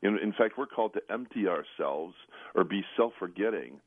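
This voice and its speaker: A priest recovering from the flu talks earnestly on a call-in radio show, his voice hoarse and gravelly, full of restarts and "you know.". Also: lively intonation, moderate pace, no room sound. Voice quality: deep and gravelly. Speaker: priest, spiritual director. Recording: dry, tinny phone-line sound.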